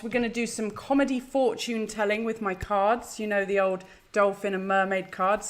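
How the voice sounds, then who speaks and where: A woman hosting a live stream, chatty, flustered and self-deprecating. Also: medium pitch. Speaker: host. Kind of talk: casual live-stream chat.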